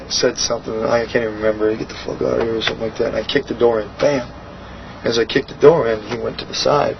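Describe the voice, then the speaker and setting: A middle-aged man in a shoot interview, telling a story bluntly and profanely, acting out other people's lines in a higher voice. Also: creaky. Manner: animated storytelling, acts out quotes with raised pitch. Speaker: interview guest. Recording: dull lo-fi sound, faint hiss.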